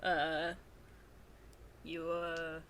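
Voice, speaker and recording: A woman's voice: deep voice, monotone, very slow, a bit bright, a little hiss or hum, voice pushed down, heavily acted. A woman playing an awkward, friendly woman who hesitantly tries to make small talk.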